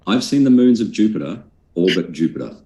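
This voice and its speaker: A man's voice: sits low, sing-song, brisk, dark tone, reverberant, lo-fi sound. A man debating, argumentative and precise, sometimes sarcastic. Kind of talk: heated debate.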